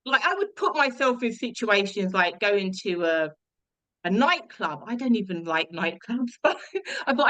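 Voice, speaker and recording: A woman's voice: medium pitch, expressive, normal speed, a bit bright, rough recording. A young woman telling her personal story as an interview guest, earnest and reflective, with frequent restarts.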